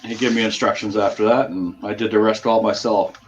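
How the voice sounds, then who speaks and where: A man's voice: fairly low pitch, fairly even intonation, fairly quick. A man from Michigan's Upper Peninsula hosting a casual chat, telling easygoing stories with repeated phrases. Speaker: host. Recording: dull lo-fi audio.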